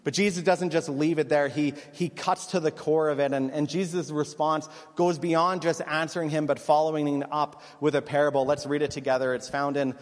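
A man delivers a sermon with a somewhat raised pitch. He keeps an earnest, conversational tone and restarts a phrase now and then. His voice carries a long reverb from the church hall he is preaching in. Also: steady tone, normal speed, hardly any pauses. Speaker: pastor.

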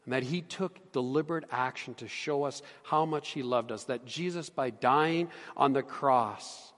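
A middle-aged man, a pastor, preaching a sermon with earnest emphasis that drops to hushed tones. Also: medium pitch, unhurried, in a large hall. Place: church sanctuary.

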